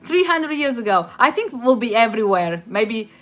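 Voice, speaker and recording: A woman's voice: a little high, sing-song, moderate pace, fairly bright tone, faint music behind. A woman from Portugal with a Portuguese accent, hosting a livestream and chatting casually through viewer comments, with frequent hesitations and restarts. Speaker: livestream host.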